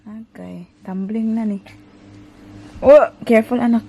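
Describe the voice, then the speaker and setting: A woman's voice: fairly high pitch, moderate pace, vocal fry, long pauses, warm tone, slight background noise. A woman in her thirties with a Filipino accent, chatting and coaxing her baby in a casual family vlog. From Philippines. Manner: coaxing sing-song mother talk mixing English and Filipino. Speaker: family vlogger.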